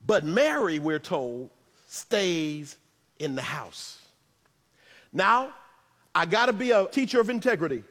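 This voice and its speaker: Male pastor, sermon, high bright voice, animated with shouted emphasis; church reverb. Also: slow pace, long pauses.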